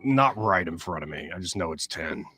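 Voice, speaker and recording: A talk radio host with a low, slightly rough voice speaks at normal speed with no echo. He explains politics and quotes others, mimicking them in an animated voice.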